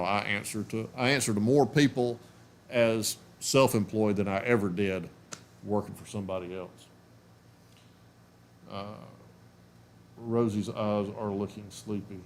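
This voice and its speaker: A man's voice: lowish voice, slight background noise. A man in his forties hosting a casual live stream from home on a webcam, rambling and chatty, sleepy and yawning. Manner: rambling, self-interrupting, chatty.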